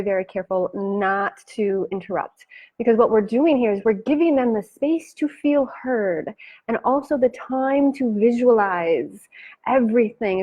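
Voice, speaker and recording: A woman business coach giving a chatty, animated live talk, acting out her clients' lines and laughing often. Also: fairly high pitch, dull audio.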